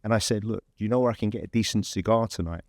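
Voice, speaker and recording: An English man with a fairly low voice tells a story in a loose, conversational way. He restarts sentences and leans on fillers as he goes. The sound is close and dry. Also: very fast, no echo. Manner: chatty, rambling storyteller with many fillers and restarts. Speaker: podcast host. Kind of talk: casual anecdote telling.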